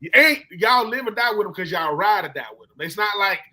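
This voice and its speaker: A man hosting a casual sports chat, telling animated stories and acting out quotes in slangy talk. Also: sits high, fairly quick, few pauses. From Philadelphia. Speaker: podcast host.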